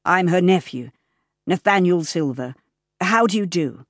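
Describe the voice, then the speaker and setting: A woman reading a polite, flustered young gentleman. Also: on the low side, expressive, a little slow, dry recording, studio quality. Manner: courteous, apologetic, slightly flustered. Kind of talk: audiobook character voice.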